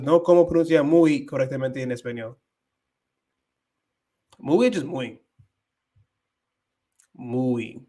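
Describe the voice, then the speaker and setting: A man hosting a casual livestream, thinking aloud as he talks about his language learning and drops in Spanish phrases. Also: medium pitch.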